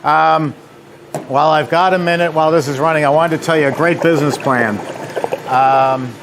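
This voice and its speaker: A man's voice: on the high side, steady tone, normal speed, background noise. Chatty New man giving a demo. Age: 50s or 60s. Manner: chatty, joking storyteller. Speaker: equipment company president. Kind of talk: live seminar demonstration.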